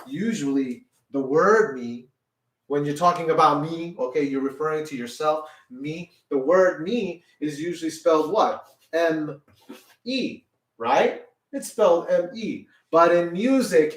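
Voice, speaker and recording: A middle-aged man teaching a children's music lesson, patiently explaining each point, checking "okay?" and singing the syllables in a high voice. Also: recorded from a distance. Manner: sings solfege syllables in a high voice. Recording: roomy sound, a little off-mic.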